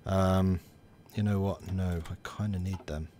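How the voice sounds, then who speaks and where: A man's voice: low voice, fairly even intonation, a little slow, mellow, slight background noise. A man giving casual, wry commentary while playing a strategy game and chatting to his units. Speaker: let's play commentator.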